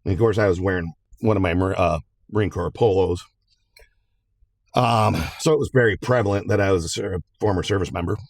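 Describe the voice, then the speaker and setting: Plain-spoken man with a low voice, casual storytelling, dry close sound. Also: brisk, dry recording.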